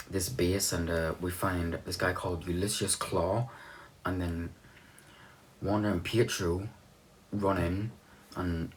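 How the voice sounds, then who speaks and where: A man's voice: sits low, a little hiss or hum. A young man giving a rambling, offhand recap of a movie's plot, swearing now and then. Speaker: movie reviewer.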